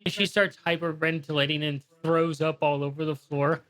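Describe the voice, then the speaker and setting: A woman narrating as game master of a tabletop game, in an unhurried, casual way. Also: sits low, fairly even intonation, fairly bright tone.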